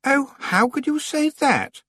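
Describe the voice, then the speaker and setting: A man's voice: expressive, takes it slowly, fairly bright tone, dry recording, clean studio sound, full character voice. A man putting on a prim, fluttery young witch girl. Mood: indignant. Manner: high, affected, fluttery.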